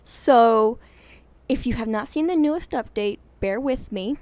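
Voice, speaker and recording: A woman commenting on game lore off the cuff, rambling and self-deprecating. Her voice sits slightly high, and she giggles between thoughts. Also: a little slow, a little mellow, no room sound. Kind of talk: casual unscripted analysis.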